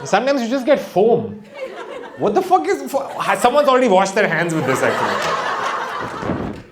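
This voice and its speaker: A male comedian from India works a live crowd, his slightly high voice swinging widely as he tells his story. He swears freely and breaks into laughter at his own lines. The recording carries clear background noise from the venue and audience. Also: wildly swooping pitch, moderate pace. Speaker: stand-up comedian. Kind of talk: stand-up comedy set.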